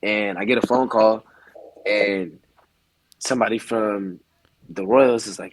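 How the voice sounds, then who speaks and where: A young man in his twenties, a baseball player, telling stories casually in an interview and acting out the quotes with lively voices. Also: fairly low pitch, a little slow, pauses often, dry recording, rough recording.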